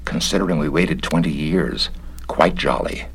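A man voicing a soft-spoken loyal servant. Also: a bass voice, normal speed, gravelly, a little hiss or hum. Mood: deferential. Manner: soft and subdued. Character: quiet, loyal male servant.

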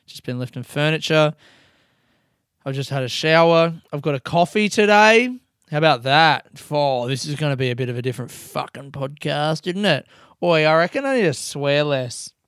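A young man hosting his podcast in a casual, rambling monologue, excitable and swearing freely. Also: a little high, clean tone, no room sound. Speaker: podcast host and comedian.

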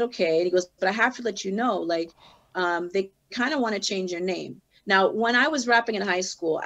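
A woman's voice: medium pitch, a bit bright. A woman rapper telling a long story in casual conversation, acting out both sides of each exchange. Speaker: guest.

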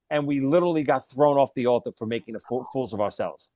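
A man's voice: mid-range voice, fast talker, no room sound, muffled recording. A man hosting a casual chat, telling stories with laughter and acting out the lines he quotes. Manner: animated storyteller, laughs, acts out quoted lines. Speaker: podcast host.

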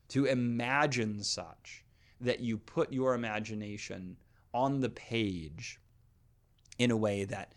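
A man hosting a poetry podcast, lecturing thoughtfully and reading translated verse aloud. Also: fairly low pitch. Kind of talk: spoken lecture on classical poetry.

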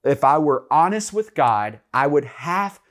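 With a slightly high, fairly bright voice that swings widely in pitch, this male co-host talks a little slowly. On the Christian talk show, his faith chat sounds earnest and encouraging, with a preacherly style.

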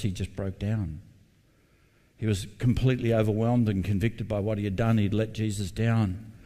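A man's voice: mid-range voice, dark tone, in a large hall. A male pastor preaching a sermon, reading scripture and putting questions to his congregation.

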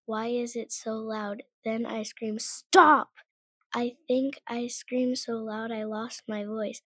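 A young girl reading her own made-up adventure story aloud, in an earnest, halting way. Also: fairly high pitch, a little mellow, husky, no echo.

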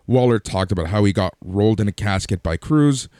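A man's voice: on the low side, lively intonation, brisk, darkish tone, dry recording, clean studio sound. A man casually recapping a wrestling show, then giving his offhand opinions. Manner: recaps events then gives offhand opinions, some fillers.

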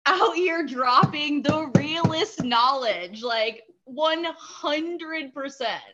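A woman's voice: high-pitched, animated, very slow, muffled recording, heavy background noise. A woman in a casual podcast chat who swears freely, laughs a lot and jokes sarcastically. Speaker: podcast co-host.

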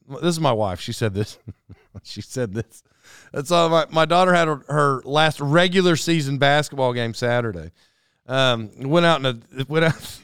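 Middle-aged male host, chuckling storyteller who rambles, clear, slightly high voice. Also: a bit bright, dry recording, clean studio sound. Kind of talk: casual rambling monologue.

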